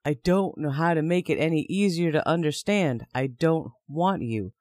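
A man's voice: on the high side, normal speed, a little mellow, dry recording, clean studio sound, close to an everyday voice. A man reading the lines of a volatile young man who speaks in a curt, cutting way. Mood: cold. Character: cold, volatile young man turning on his partner.

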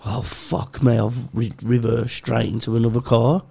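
A man's voice: mid-range voice, flat delivery, moderate pace, vocal fry, warm tone, husky. A man in his thirties co-hosting a podcast, telling rambling anecdotes and laughing often. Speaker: podcast co-host. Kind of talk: casual chat.

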